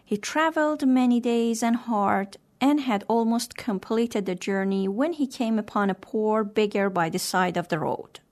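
A woman hosting and reading a moral story aloud in a gentle, measured way. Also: fairly high pitch. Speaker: storyteller and host. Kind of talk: scripted story narration.

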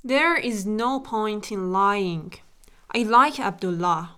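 An actress playing one of a chief's wives in a radio drama, speaking in a confessional, reflective way. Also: female voice, medium pitch, lively intonation, a bit bright, clean tone. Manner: slow, confessional.

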